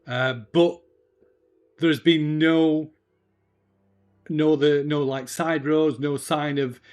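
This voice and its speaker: Man running a tabletop game, halting. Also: a little high, fairly even intonation, a little mellow, clean tone. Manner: halting, many restarts and fillers. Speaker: game master.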